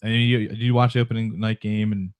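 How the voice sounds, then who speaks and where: A man's voice: fairly low pitch, little pitch movement, fast talker, smooth. A man hosting a casual sports talk show, running through news items with a sarcastic, rambling delivery full of fillers. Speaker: podcast host.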